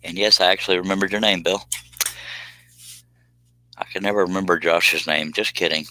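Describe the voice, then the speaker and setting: A man's voice: sits low, steady tone, fairly quick, bright, forceful tone, poor audio. Man chatting on a live stream. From United States. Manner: rambling and joking, drifting into tangents. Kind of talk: casual live-stream chat with viewers. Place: home streaming space.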